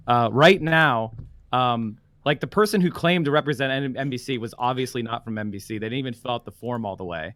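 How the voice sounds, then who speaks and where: A man's voice: mid-range voice, lively intonation, a little fast, pushed and bright. A young man, a streamer guest, earnestly laying out his argument in a casual podcast discussion. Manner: earnest, building into an argument after mic fiddling.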